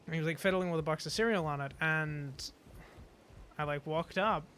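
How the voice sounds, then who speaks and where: Young British male streamer, slightly high voice, halting sweary storyteller, noisy background. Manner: halting, swears a lot, many fillers and restarts. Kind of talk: rambling casual storytelling. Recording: steady background noise.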